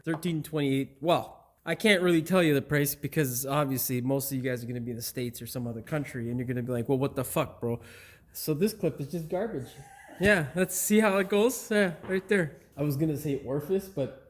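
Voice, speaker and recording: A man hosting a DIY car repair video, cursing, fumbling his words and mocking himself, while a little sick with a cough. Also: a little high. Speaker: DIY auto repair host. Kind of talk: blooper reel of a repair tutorial.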